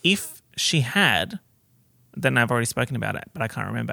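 A man's voice: medium pitch, animated, moderate pace, gravelly, sharp tone, no room sound. A man hosting a casual solo podcast, chatty and campy, full of slang and swearing, recorded on a portable recorder. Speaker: podcast host.

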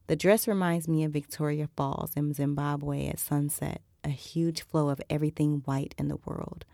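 Audiobook narrator, female, low gravelly voice, dry close sound, intimate erotic reading. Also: darkish tone, no room sound. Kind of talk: first-person erotic fiction narration.

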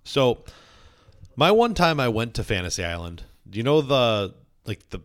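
A man's voice: mid-range voice, very animated, moderate pace. A young man, casually telling stories and filling his talk with "like". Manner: storytelling, heavy use of "like". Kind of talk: casual chat.

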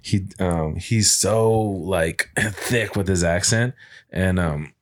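Rambling, low-voiced American man, casual chat. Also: takes it slowly. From United States. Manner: rambling, profane, lots of fillers. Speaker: podcast co-host.

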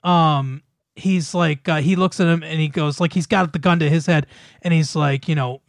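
A man's voice: on the high side, fairly even intonation, normal speed, dry recording. A man casually recapping a movie plot, rambling and swearing, with lots of fillers and laughs. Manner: rambling, profane, laughs often, many fillers. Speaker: podcast co-host recapping a film. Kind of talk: casual chat.

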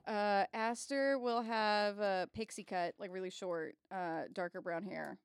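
Young woman cohost, lively, cusses a lot, building a character, dry mic. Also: medium pitch, a little slow, clear, resonant tone, dry recording. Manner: animated, swears freely. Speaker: podcast co-host. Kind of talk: casual tabletop chat.

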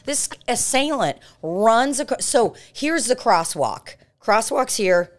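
A woman hosting a podcast, telling a story in a casual, animated and very profane way. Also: on the high side, slow, noisy background. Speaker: podcast host.

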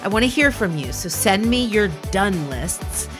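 A woman giving a scripted motivational talk, speaking in a lively, emphatic and conversational way. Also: mid-range voice, unhurried, over music. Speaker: inspirational podcast speaker.

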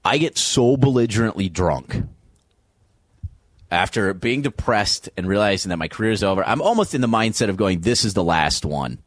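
A man's voice: on the low side, normal speed, no room sound. A man, a comedian guest, telling a wild story in an interview and acting out the other people in it. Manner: animated, acts out voices in stories.

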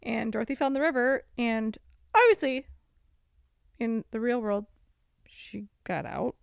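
A woman co-hosting a casual podcast, recapping a movie and acting out the characters in quick voices. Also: fairly high pitch, lively intonation, vocal fry, clean tone, no echo, clean studio sound. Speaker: podcast co-host.

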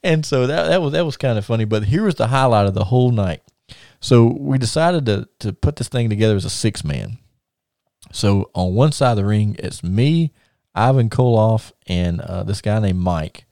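A man's voice: on the low side, lively intonation, normal speed, creaky, mellow, no room sound, clean studio sound. Rambling man telling wrestling stories. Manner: rambling, repeats words, laughs at own stories. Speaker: podcast host and wrestling promoter. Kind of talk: casual storytelling.

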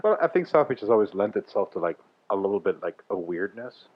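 A man chatting casually as a podcast guest, asking quick, wry questions. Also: lowish voice, sing-song. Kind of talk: casual chat. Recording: dull lo-fi sound.

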